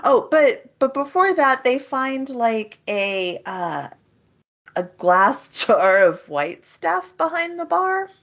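A woman's voice: high voice, very animated, takes it slowly, fairly bright tone. A woman co-hosting a podcast, recapping an anime episode in casual chat, laughing often and acting out characters' lines. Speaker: podcast co-host.

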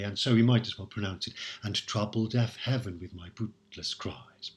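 Measured man explaining a poem. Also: mid-range voice, fairly bright tone. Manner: recites quoted lines slowly, then paraphrases plainly. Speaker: literature lecturer.

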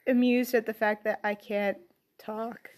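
A slightly high-voiced woman co-hosts a casual podcast. She talks in a halting, giggly way, often losing her words and starting over. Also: flat delivery, darkish tone. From Irish. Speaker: podcast co-host. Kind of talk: casual chat.

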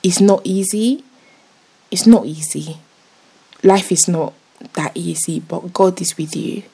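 A woman's voice: on the low side, slow pace, creaky, mellow, husky. A young woman talking earnestly and casually to her viewers about faith, rambling with many fillers and restarts. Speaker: vlogger. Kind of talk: casual faith talk to camera.

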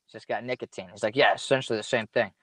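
A man's voice: on the low side, fairly even intonation, very fast, fairly bright tone, dry recording. A young man telling a casual story in a rambling way, full of slang and swearing. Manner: profane, rambling, laid-back slang. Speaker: podcast guest storyteller.

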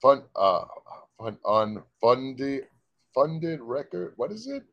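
A man's voice: mid-range voice, very animated, slow pace, fairly bright tone, dry recording, dull audio. A man chatting as a guest in a casual interview, stumbling over words and laughing at his own slips. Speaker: guest musician.

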